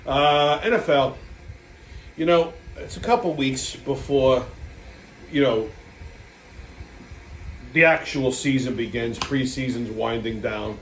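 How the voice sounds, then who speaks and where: A man's voice: medium pitch, slow, long pauses, slight background noise. A man hosting his own show, ranting in a brash, profane and rambling way that is full of restarts. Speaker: show host. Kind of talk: casual ranting commentary. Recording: echoey room.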